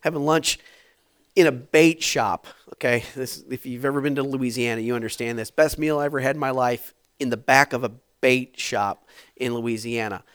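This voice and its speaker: A man preaching a sermon, telling a story in a loose, conversational way, with fillers and restarts and sudden swings between quiet asides and loud bursts. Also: medium pitch, normal speed, clear, resonant tone, no echo, clean studio sound.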